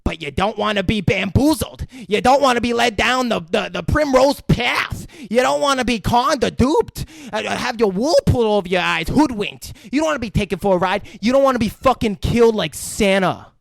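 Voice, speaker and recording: A man's voice: high voice, animated, moderate pace, gravelly, hardly any pauses, dry recording, pitched above the performer's own voice. A man putting on the voice of a rowdy, cocky older homeless man with a put-on accent, mocking and swearing. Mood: taunting.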